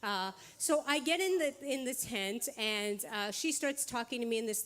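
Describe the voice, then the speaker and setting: Animated woman speaker, slightly high voice. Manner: animated storytelling, laughs often, self-mocking; rapid bursts with frequent "right?" asides. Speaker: motivational speaker. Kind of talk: inspirational talk to a live audience. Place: spiritual center hall.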